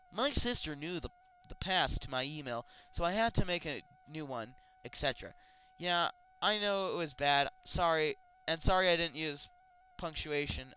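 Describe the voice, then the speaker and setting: A man's voice: a little high, sharp tone, smooth, poor audio. Sarcastic, exasperated male story reader. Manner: sarcastic, exasperated, swears often. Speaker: reader of amateur horror stories. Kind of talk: comedic dramatic reading with commentary.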